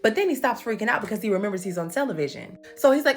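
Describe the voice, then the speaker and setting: A woman hosting a comedic recap, telling the story in a sassy, animated way with swearing asides. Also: mid-range voice, racing, faint music behind.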